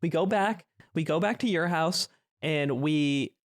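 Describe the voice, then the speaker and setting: A man telling a long story in a casual podcast chat, animated and often laughing as he goes. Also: fairly high pitch, measured pace. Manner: animated, laughing, restarts phrases.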